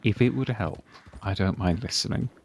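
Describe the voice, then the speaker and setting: Casting: low, gravelly, calm man, gentle counselor type, faint noise behind. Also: moderate pace. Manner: gentle, soothing, caring. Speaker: roleplay medic and counselor-in-training. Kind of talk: calm in-character conversation.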